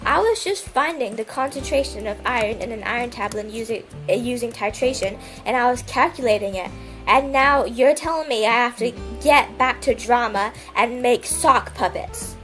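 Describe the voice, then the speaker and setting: A young woman telling a story in casual chat, animated and indignant. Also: fairly high pitch, normal speed, faint music behind. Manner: animated, indignant ranting with mocking voices.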